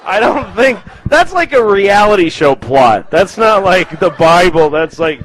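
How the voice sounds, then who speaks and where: Stand-up comic man, fairly high voice with lots of swing, rambling, profane and self-mocking in a club set. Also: sing-song, a little slow, a little hiss or hum, rough recording. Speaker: stand-up comedian. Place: comedy club.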